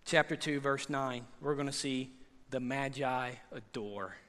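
A man preaching a sermon, animated and conversational, repeating phrases and swinging from loud emphasis to hushed asides. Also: mid-range voice, a little slow. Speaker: pastor. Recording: long hall reverb.

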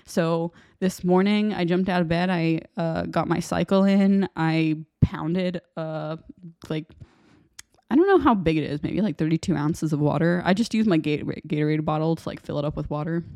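A young woman hosts a casual solo podcast, talking in a candid, rambling way that is often self-deprecating. Her voice sits low and mellow. It is recorded dry and close, with no room sound. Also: normal speed, no echo. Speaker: podcast host.

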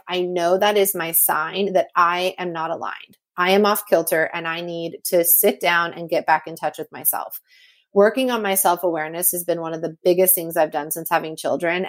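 A woman in her thirties from California talks casually as a podcast guest. Her voice sits on the low side. She keeps dropping in "like" and acts out her own past remarks in a raised voice. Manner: chatty, heavy use of "like", acts out quotes in a raised voice. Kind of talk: casual conversational interview.

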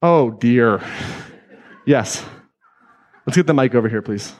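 A man giving a live self-help seminar talk to an audience, energetic and joking, swearing freely. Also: mid-range voice, slow pace. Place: event hall with audience.

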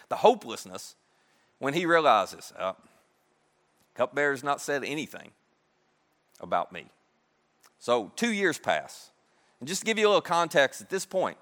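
A man preaching a sermon, retelling a Bible story in a lively, conversational way and acting out the characters' lines. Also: fairly high pitch, in a large hall.

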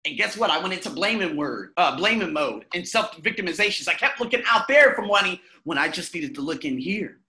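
Animated, blunt man on a podcast. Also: high voice, fairly quick, few pauses. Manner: blunt, profane and animated, asks himself questions and answers them. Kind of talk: candid motivational monologue.

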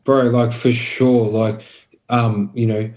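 A man's voice: mid-range voice, level tone, slow, darkish tone. An Australian man who is a guest on a casual podcast, answering in short agreeing replies with casual swearing.

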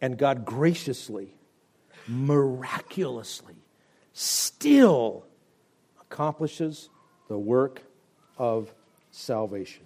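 A man preaching a radio Bible teaching as pastor, emphatic, with loud stressed words that sink to quiet, low endings. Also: expressive, very slow, long pauses.

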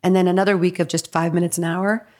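A woman's voice: on the low side, flat delivery, fast, a little mellow. Chatty, giggly woman guest. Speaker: podcast guest. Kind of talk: casual chat.

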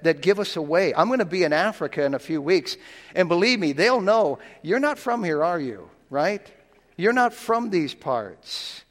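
A man preaches in an easygoing, folksy manner, often repeating his words and slowing down for scripture. His voice sits a little high for a man. It rings with the long echo of a big church. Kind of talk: sermon.

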